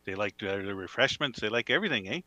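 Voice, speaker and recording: A man's voice: fairly low pitch, expressive, fast talker, bright, forceful tone, dry recording, lo-fi sound, voice pushed down. A man putting on a folksy Canadian auditioner. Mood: chummy. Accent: mock Canadian. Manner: folksy, tacks eh onto sentences. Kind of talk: improv comedy scene.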